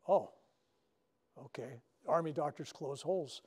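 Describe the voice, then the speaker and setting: Slightly rough and darkish, this older minister's voice is a little high, with vocal fry, a moderate pace, and frequent pauses. He leads a live workshop in a spiritual center meeting room, storytelling conversationally with many "right?" tags.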